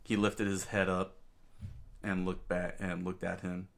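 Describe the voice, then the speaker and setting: A man with a deep, low voice reads a comic aloud at an unhurried, slow pace. He stumbles often, filling gaps with hesitations and correcting himself mid-sentence. It is a relaxed, casual read-through. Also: vocal fry. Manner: hesitant, with many fillers and self-corrections. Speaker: reader.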